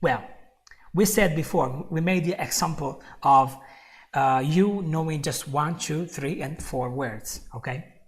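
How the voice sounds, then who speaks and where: A woman's voice: low-pitched, measured pace. A woman giving a live online English lesson, who repeats her key points, chuckles often and calls the viewer "my friend". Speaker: English teacher.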